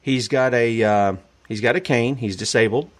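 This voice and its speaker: An indignant man hosts a political radio talk show in a ranting, emphatic way. His voice sits at an ordinary middle pitch, neither high nor low. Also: normal speed. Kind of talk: political commentary.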